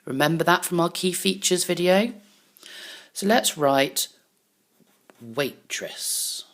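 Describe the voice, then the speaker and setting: A woman's voice: fairly low pitch, lively intonation, slow pace. A woman teaching young pupils in a recorded lesson, talking to them in an encouraging way. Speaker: primary school teacher. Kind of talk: recorded online lesson for children.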